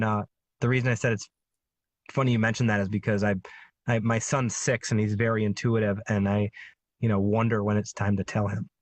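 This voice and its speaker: A man's voice: fairly low pitch, no room sound. A man in his thirties, a guest medium, speaking earnestly in a casual interview chat with many fillers.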